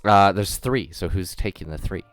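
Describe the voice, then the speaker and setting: A man's voice: sits low, moderate pace, faint music behind. A man running a tabletop game as dungeon master, rambling with lots of ums and self-corrections.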